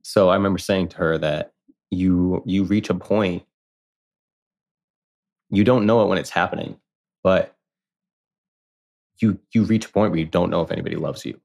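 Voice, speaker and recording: Very low-voiced man telling a candid story. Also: moderate pace, gravelly, pauses often, darkish tone. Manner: candid, rambling, heavy use of "like", acts out quoted voices. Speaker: podcast guest. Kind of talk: casual personal storytelling.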